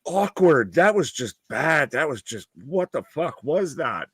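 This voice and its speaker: A man's voice: on the high side, big pitch swings, a little slow, a bit bright, breathy edge, dry recording, clean studio sound. A man co-hosting a live wrestling watch-along, swearing heavily and trailing off mid-sentence in exasperation. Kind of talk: profane live commentary chat.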